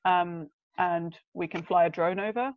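A young woman telling stories as a podcast guest. She talks in an animated, emotional way, with big jumps in pitch. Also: a little slow, no echo. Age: young adult. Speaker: guest, documentary filmmaker. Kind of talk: conversational podcast storytelling. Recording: dull lo-fi sound.

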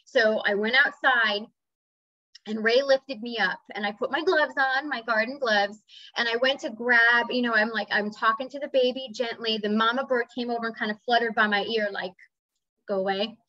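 A woman's voice: a little high, steady tone, moderate pace, pushed and bright, dry recording. A woman sharing a personal story in a casual, earnest talk, now and then acting out voices and bird sounds. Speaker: spiritual speaker. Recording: slightly dull dry recording.

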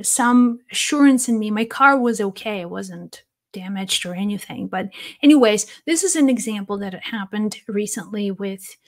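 A woman hosting a spiritual channel, telling a personal story in an earnest, heartfelt way. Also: a little high. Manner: earnest, heartfelt, with soft laughs and restarts.

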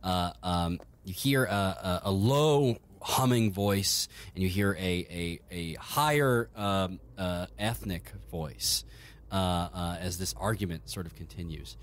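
A man's voice: low voice, slow. A man acting as game master, narrating a comedic tabletop game in a loose, profane, stumbling way.

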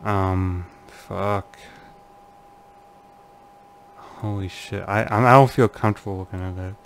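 A man's voice: sits low, fairly even intonation, moderate pace, smooth. A man casually commenting on forum posts he reads aloud, laughing nervously and muttering uneasily. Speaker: channel host.

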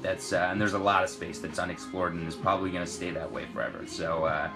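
A young man from Britain, an actor, reading fan questions aloud from his trailer and answering in a relaxed, rambling way. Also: low voice, fast, over music. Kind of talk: casual live-stream Q&A. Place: trailer on a film set.

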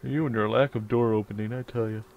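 A man's voice: on the low side, steady tone, fast talker, vocal fry, narrow, tinny audio. A man hosting a let's play video, chatting casually and joking while he plays. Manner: joking, chatty, mumbles asides. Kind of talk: casual gameplay chat.

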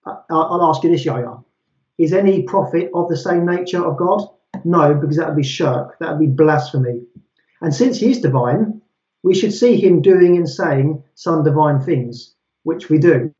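A man's voice: on the high side, normal speed, darkish tone. A man debating, methodically citing scripture verse by verse to make his case. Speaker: Christian debater. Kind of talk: street debate argument. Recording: echoey, dull lo-fi sound.

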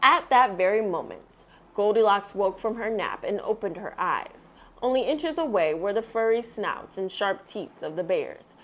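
A woman reads a children's picture book aloud. She tells the story expressively, with a middle-pitched voice. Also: lively intonation, moderate pace. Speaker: read-aloud host.

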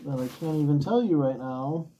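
Chatty self-mocking man with a mellow voice. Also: on the high side, expressive, fairly quick, slight background noise. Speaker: knitting podcast host. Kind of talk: casual chat.

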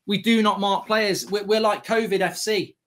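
A frustrated man picks apart his team's marking in a live football reaction. His voice is fairly high, and he stammers as he restarts sentences. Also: steady tone, moderate pace, a bit bright. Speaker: fan reacting to a match.

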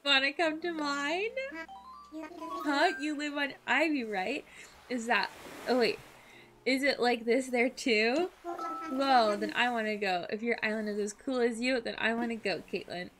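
This is a lazy, good-natured elephant villager from a cozy cartoon game, given voice by a woman. He speaks in a high, easygoing tone at a slow, relaxed pace. Soft game music plays underneath. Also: close to an everyday voice. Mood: friendly. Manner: reads game dialogue aloud in her own gentle voice.

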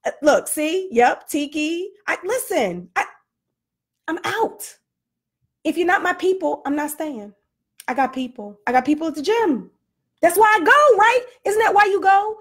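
High-voiced woman ranting with laughs. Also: unhurried. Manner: animated, self-deprecating, laughs often. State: flushed and winded from workout. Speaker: vlogger. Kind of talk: casual comedic rant to camera.

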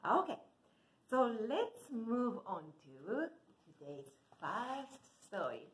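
A woman children's librarian hosting a virtual story time, talking in a slow, sing-song way for young children. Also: a little high, big pitch swings, slight background noise. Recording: echoey room.

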